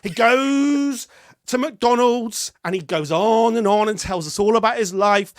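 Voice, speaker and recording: Excitable high-voiced man. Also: normal speed, no room sound, studio quality. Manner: excitable, animated, laughing while he talks. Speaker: podcast co-host. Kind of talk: casual film review chat.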